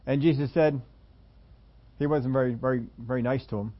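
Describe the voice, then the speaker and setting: A male pastor delivers a sermon in an easygoing, conversational style. He acts out the voices of the people in his stories. His voice sits at a middle pitch, and the recording sounds a little dull and lo-fi. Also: fairly even intonation, normal speed.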